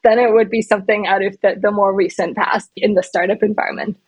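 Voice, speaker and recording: A woman's voice: mid-range voice, fairly even intonation, quick pace, husky, no room sound, rough recording. A woman guest in a casual interview, playful and self-mocking, often restarting her sentences.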